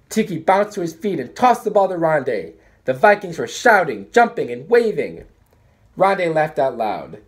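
A man reading a children's book aloud with animated, dramatic pacing. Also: medium pitch, measured pace, slightly rough. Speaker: storybook reader.

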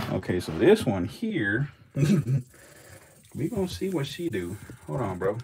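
A man's voice: mid-range voice, sing-song, measured pace, background noise. A man filming his snakes as they feed, laughing, swearing and talking straight to the animals in a casual vlog.

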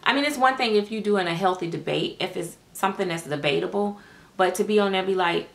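A middle-aged woman vlogging with plenty of sass, calling her viewers y'all and speaking her mind plainly. Her voice has a gravelly fry at the ends of her phrases and sits at an ordinary middle pitch. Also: brisk. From United States. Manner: chatty, sassy, talks straight to viewers as y'all. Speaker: doll-making vlogger. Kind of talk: casual chat to camera.

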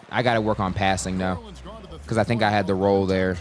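A young man giving live commentary on his own basketball video game, talking to his teammates and shouting at big plays. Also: on the low side, fairly even intonation, moderate pace. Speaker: gaming YouTuber.

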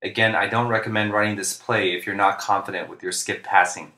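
A man, a basketball coach, narrating instructional plays in a flat, deliberate monotone, speaking clearly. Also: on the low side, reverberant. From United States. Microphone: home recording for narration.

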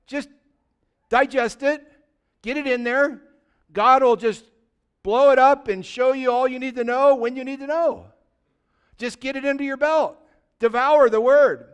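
High, smooth-voiced pastor preaching a sermon. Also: male voice. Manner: exhorting, conversational, calls out to congregation.

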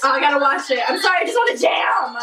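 A young woman gushes and squeals in an excitable reaction vlog about a music video, laughing and swearing often. Her high voice is sing-song and fast. She's far from the mic in an echoey room, with music playing.

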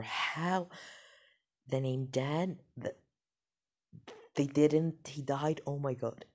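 A woman reading a text story aloud and commenting on it in an excitable, jokey way. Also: deep voice, slow, long pauses. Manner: excitable, jokey, reacts with gasps and laughs. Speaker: story reader.

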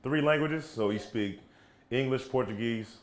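A man from the United States doing a fast, animated stand-up set on stage, jumping into loud silly voices. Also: mid-range voice. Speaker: stand-up comedian. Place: stage in a theater. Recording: live show with crowd laughing. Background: audience laughter and cheers.

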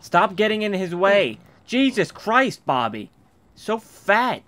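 A man's voice: high-pitched, big pitch swings, slow, fairly bright tone, no room sound. A young man in casual game commentary, goofy and rambling, who keeps slipping into silly voices. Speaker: gaming commentator. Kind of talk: casual let's play commentary.

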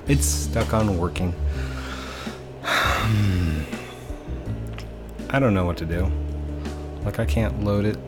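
A man casually commenting on his own gameplay as host, chatty and sighing at glitches. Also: on the low side. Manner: chatty, sighing, mildly exasperated. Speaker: gaming video host. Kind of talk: casual let's-play commentary.

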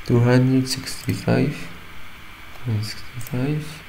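Slow, unhurried man walking through a tutorial. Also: medium pitch, fairly even intonation, creaky, a little mellow, a little hiss or hum, poor audio. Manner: step-by-step, frequent "okay" between steps. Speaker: tutorial maker. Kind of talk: screen-recording tutorial voice-over.

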